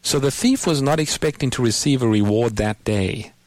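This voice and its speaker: A man hosts a call-in Bible program, walking a caller through scripture step by step. His voice sits at an ordinary pitch and reaches the listener dry and close, with no room around it. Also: moderate pace, darkish tone, no echo. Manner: patient, explanatory, quotes scripture. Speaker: radio Bible program host. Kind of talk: call-in radio Bible answers.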